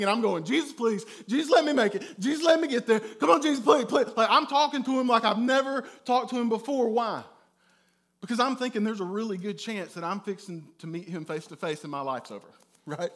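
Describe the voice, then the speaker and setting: A man preaching a sermon as a pastor, conversational and animated, often checking in with "right?". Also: high-pitched. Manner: conversational, with frequent "right?" tags; animated storytelling with bursts of loudness.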